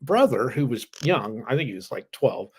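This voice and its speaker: Animated man telling a podcast story. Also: mid-range voice, normal speed, husky. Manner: animated storyteller, swearing and laughing. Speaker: co-host. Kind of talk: casual podcast chat.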